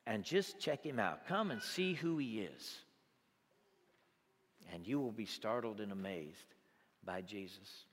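A man preaching a sermon, moving between loud exclamations and quiet, conversational asides. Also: lowish voice, animated, unhurried, pauses often, slight background noise. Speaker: pastor. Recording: long reverb of a large hall.

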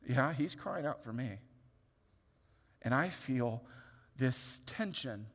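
A man in his thirties preaching a sermon, telling a personal story in a lively, open way with many restarts. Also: medium pitch, slow. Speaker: pastor. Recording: long hall reverb.

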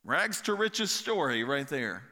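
A man preaching in a casual, animated storytelling style, joking and acting out the voices of the people in the story. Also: medium pitch, unhurried. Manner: animated, jokey retelling with acted-out voices. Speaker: pastor. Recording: long reverb of a large hall.

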